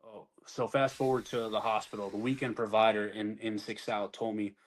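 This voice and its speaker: A man's voice: lowish voice, little pitch movement, normal speed, slight background noise, rough recording. Blunt, foul-mouthed man telling war story. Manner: blunt, heavy swearing. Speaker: army veteran telling his story. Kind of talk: candid casual storytelling.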